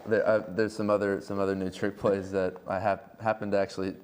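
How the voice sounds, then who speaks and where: A young man on a sports panel speaks hesitantly, stopping and restarting. His voice is very low. Clear background noise and clicks run under the recording. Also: flat delivery. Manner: hesitant, halting, full of restarts. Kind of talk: casual sports panel chat.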